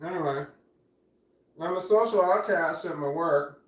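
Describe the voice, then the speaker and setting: A man's voice: on the high side, unhurried. A man in his forties livestreaming from home on a phone, rambling and swearing, often breaking off mid-sentence. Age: 40s. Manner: rambling, swearing, self-interrupting. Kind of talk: casual livestream chat. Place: indoors at home. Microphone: phone camera. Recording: echoey room, off-mic.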